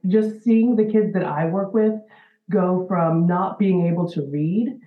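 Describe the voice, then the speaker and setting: Tinny, echoey lower-voiced woman educator. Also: measured pace. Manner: earnest, steady explaining with fillers. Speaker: special-needs educator guest. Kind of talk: interview answers. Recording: tinny phone-like line in an echoey room.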